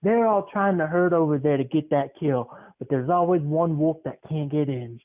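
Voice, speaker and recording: A man's voice: on the high side, normal speed, voice pushed down, lightly acted. A man voicing a tough older grandmother who hosts a wildlife show, speaking in a folksy, instructional way. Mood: instructive. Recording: tinny phone-like sound.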